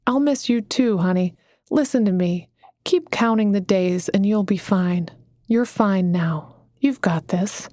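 A cheerful, encouraging mentor woman, voiced by a female audiobook reader. She talks slowly and steadily, calling people honey. The recording is close and dry, with no room sound. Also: medium pitch, mellow, dry recording, lightly acted. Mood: upbeat. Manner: cheerful, calls others honey.

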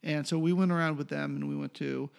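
Middle-aged TV producer guest from North Carolina, gravelly, somewhat high voice, animated storyteller. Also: male voice, fast. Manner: animated, acts out others' lines. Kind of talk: casual storytelling interview.

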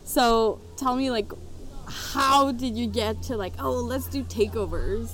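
A woman hosts a casual podcast interview with a high, light voice. She talks at an unhurried, slow pace. She asks loose, friendly questions and laughs a lot between them. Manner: giggly, asks relaxed questions. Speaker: podcast host.

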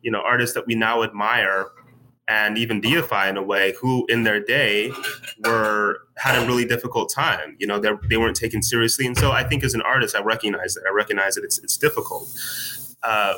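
A man talking in a relaxed interview, thoughtful and searching, with many fillers and restarts as he works through his ideas. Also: lowish voice, brisk, a little hiss or hum, rough recording. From United States. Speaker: guest writer. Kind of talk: casual conversational interview.

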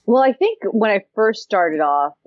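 A woman answering interview questions, telling stories in an animated way and acting out the voices she quotes. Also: mid-range voice, unhurried, no room sound, dull audio. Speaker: TV host and interviewee.

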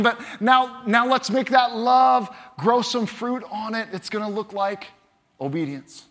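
A man with a high voice preaches from the pulpit. His delivery is animated, and he acts out the voices he quotes. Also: normal speed. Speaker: pastor. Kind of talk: sermon.

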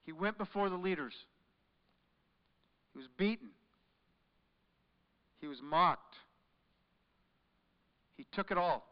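A man delivers a sermon as pastor with a fairly high, smooth, resonant voice. He drops to near-whispers and then rises to loud, forceful lines. The recording is dull and carries a long echo from a large church hall. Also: lively intonation, slow, long pauses. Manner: dramatic swings from hushed to loud.

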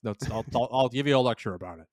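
Man, podcast host, casual recap, rambling, mid pitch, dry close sound. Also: no room sound. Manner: rambling, many fillers, slips into quick character voices.

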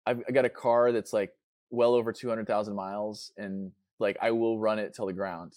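A man's voice: fairly low pitch, fairly even intonation, moderate pace, darkish tone, no echo, studio quality. A man hosting a casual interview, easygoing and rambling, often searching for words mid-sentence. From Chicago. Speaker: podcast host.

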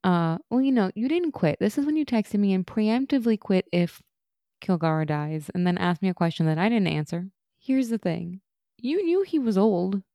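A woman's voice: mid-range voice, expressive, moderate pace, warm tone, no room sound, clean studio sound. A woman co-hosting a podcast, chatting casually and laughing often as she recaps a TV episode. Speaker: podcast co-host.

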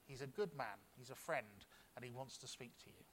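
A man doing a calm little boy. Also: medium pitch, brisk, slightly rough. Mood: earnest. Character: small boy, calm and kind.

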